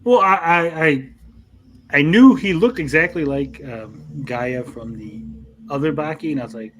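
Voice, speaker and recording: A young man co-hosts an anime review show, recapping episodes in a casual, chatty way. He swears freely and slips into quick character voices, and his voice sits on the high side with a slightly bright quality.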